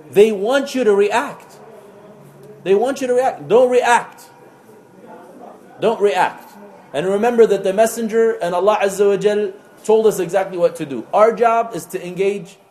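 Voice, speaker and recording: A man preaching a sermon to a live audience, telling stories with acted-out voices and reciting Quranic Arabic rapidly. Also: high voice. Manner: animated storytelling with acted-out voices. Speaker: imam.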